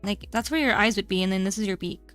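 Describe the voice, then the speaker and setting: A woman's voice: mid-range voice, fast talker, fairly bright tone, faint music behind. A young adult woman streamer chatting casually while drawing, rambling with many fillers and restarts.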